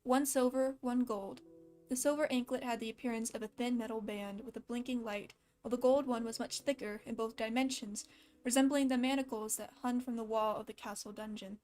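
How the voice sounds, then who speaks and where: A woman's voice: a little high, fairly even intonation, fairly quick, darkish tone, faint music behind. Woman reading a story aloud with a slight lisp. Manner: breaks off to laugh and comment. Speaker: fan fiction reader.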